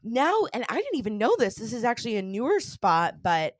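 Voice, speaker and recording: A woman's voice: a little high, very animated, fairly quick, dry recording, clean studio sound. A woman in her thirties hosting a comedy podcast, chatty and rambling, laughing often. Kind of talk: casual podcast chat.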